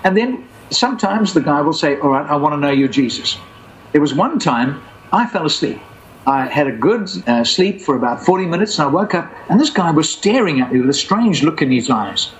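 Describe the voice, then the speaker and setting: An older evangelist telling anecdotes in a conversational interview. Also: male voice, fairly high pitch, animated, brisk, slight background noise, low-quality recording. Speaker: evangelist guest. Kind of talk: storytelling interview answers.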